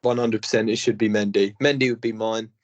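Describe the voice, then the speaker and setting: A man's voice: fairly low pitch, steady tone, brisk, highs cut off. A man co-hosting a casual football podcast over a call, laughing often and joking around. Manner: laughs often, does silly impressions. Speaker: podcast co-host.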